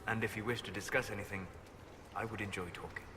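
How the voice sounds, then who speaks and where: A measured, aloof elf scholar voiced by a man speaks with formal calm, his voice pitched a little low. Steady ambient game noise hums behind his words. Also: natural voice. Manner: measured, formal, softly spoken.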